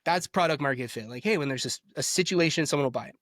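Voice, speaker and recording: A man speaking as a podcast guest in casual conversation, talking fast and animated with lots of filler words. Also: on the high side, no echo, clean studio sound. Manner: fast, animated, heavy use of "like". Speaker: guest, sales entrepreneur.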